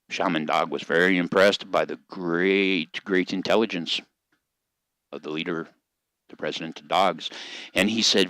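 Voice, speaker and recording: Older man telling a slow story. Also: sits low, fairly even intonation, sharp tone, clear, resonant tone, no room sound, rough recording.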